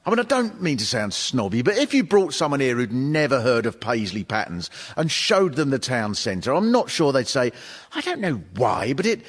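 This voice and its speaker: An English man performing stand-up comedy to a live audience, telling stories with lively shouted bursts. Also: medium pitch, moderate pace, husky. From England. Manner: lively storytelling, breaks into shouted impressions. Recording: reverberant hall with audience.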